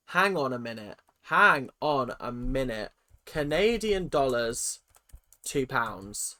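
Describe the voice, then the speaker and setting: A woman with a British accent hosting a reaction video, ranting in an animated, sarcastic and exasperated way. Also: extremely low pitch, slow.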